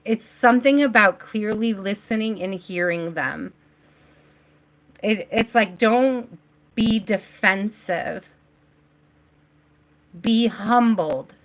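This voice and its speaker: A woman speaks slowly and unhurriedly, her voice at an everyday middle pitch. She leads a live tarot reading, coaching her viewers softly and chatting warmly with them between cards. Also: low-quality recording. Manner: chatty and affectionate with viewers, laughs often; gentle spiritual coaching tone. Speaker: tarot reader.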